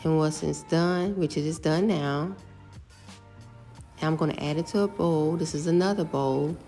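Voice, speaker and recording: A middle-aged woman casually talking through her home cooking step by step, relaxed and chatty. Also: low-pitched, unhurried, soft background music. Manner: relaxed, step-by-step explaining with fillers.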